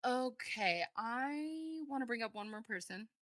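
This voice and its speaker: Chatty woman host, bright voice. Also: a little high, lively intonation, unhurried, dry recording, clean studio sound. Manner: chatty, laughs often, trails off. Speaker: podcast host. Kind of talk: casual chat. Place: lived in the UK.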